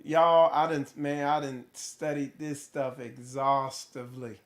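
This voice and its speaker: A man's voice: medium pitch, little pitch movement, measured pace. A man hosting a spiritual livestream, rambling casually to his viewers with rhetorical questions and the odd swear word.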